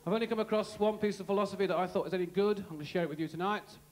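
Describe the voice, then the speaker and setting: A man in his thirties doing a live stand-up comedy routine with deadpan, quick absurd asides. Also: sits high. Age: 30s. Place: comedy stage before a live audience.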